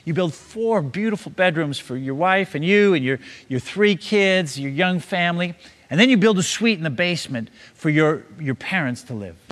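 A man's voice: a little high, lively intonation, normal speed, fairly bright tone. A man preaching, building a long parable scene by scene and urging the listener to imagine it. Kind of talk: sermon told as a long parable.

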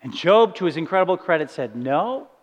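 High-voiced male preacher in reverberant hall. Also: expressive, normal speed, a bit bright, highs cut off. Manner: emphatic, asks the listeners rhetorical questions. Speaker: pastor. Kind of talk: sermon. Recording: long reverb of a large hall.

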